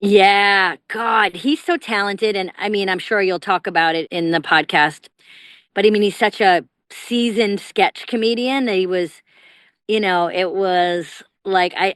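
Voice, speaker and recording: A woman's voice: on the low side, fairly bright tone, no echo. Wry, chatty woman on a podcast. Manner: chatty, wry, laughing easily. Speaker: podcast guest. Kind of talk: casual podcast chat. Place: airport.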